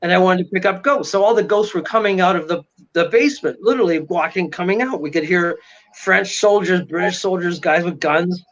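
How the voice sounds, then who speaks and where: High-voiced man telling a story dramatically. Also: fairly quick, fairly bright tone. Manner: dramatic, acts out voices and sounds. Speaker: paranormal investigator guest. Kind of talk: animated storytelling. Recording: dull lo-fi audio.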